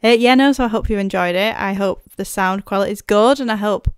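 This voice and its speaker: A young woman co-hosts a podcast at a middle pitch, rambling through casual chat with plenty of fillers. The sound is very dry and close, with no room in it. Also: fast talker, clean tone, no echo. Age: 20s. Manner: chatty, rambling, frequent fillers and laughs. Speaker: podcast co-host.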